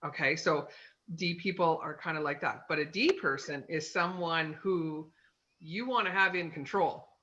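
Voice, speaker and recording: A woman's voice: low-pitched, normal speed, bright, forceful tone, muffled recording, a little hiss or hum. A woman giving a casual lesson from her home office in a chatty manner, full of fillers and "okay?" check-ins. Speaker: sales consultant teaching personality types. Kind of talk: casual instructional talk.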